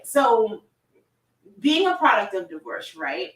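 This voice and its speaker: A woman hosts a casual podcast interview with a bright, lively voice that swoops up and down. She laughs easily and nudges her guest along. She sounds set back from the mic in an echoey room. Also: medium pitch, normal speed, far from the mic, slight background noise. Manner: playful, laughing, prompts the guest. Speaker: podcast host. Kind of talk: conversational interview.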